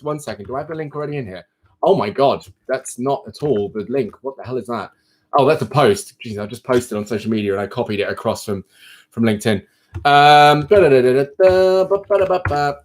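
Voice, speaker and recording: A man who coaches people, hosting a live stream and frankly ranting straight to his viewers in casual chat. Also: mid-range voice.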